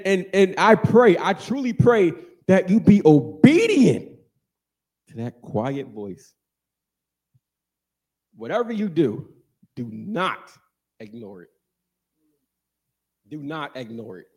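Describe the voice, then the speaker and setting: A man preaching a sermon, animated and joking, asking the congregation questions and answering them. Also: a little high, breathy edge. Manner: animated, call-and-response, jokes with congregation.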